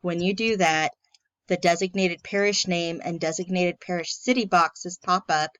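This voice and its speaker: A friendly woman explains a computer task step by step, her voice a little low and the sound muffled. It is dry and close, with no room around her voice, recorded through a computer mic. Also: fairly even intonation, normal speed, a bit bright, no room sound. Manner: friendly, plain step-by-step walkthrough with filler ums. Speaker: church staff member. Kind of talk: casual screen-recorded tutorial.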